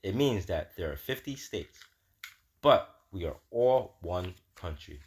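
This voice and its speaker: A man's voice: low voice, expressive, slow pace. Patient storybook schoolteacher, read by a man. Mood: explaining. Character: kind, patient woman schoolteacher.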